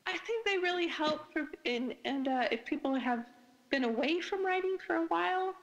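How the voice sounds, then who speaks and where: A woman's voice: sits high, expressive, normal speed, lo-fi sound. A woman author, a guest on a podcast interview, chatting casually and enthusiastically, with lots of fillers and restarts. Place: podcast recording.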